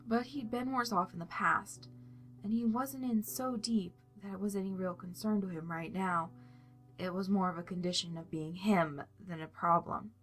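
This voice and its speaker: Bright-voiced woman reading fan fiction. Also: mid-range voice, fairly even intonation, moderate pace. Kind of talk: storybook narration. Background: soft music.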